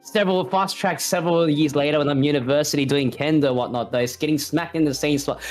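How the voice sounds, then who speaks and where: A man, guesting on a casual online chat show. He talks a little higher than most men and rambles through his stories. He pokes fun at himself and keeps tacking "though" and "whatnot" onto his sentences. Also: steady tone, fast talker, few pauses, soft background music. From Australia. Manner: rambling, self-deprecating, often tags sentences with "though" and "whatnot".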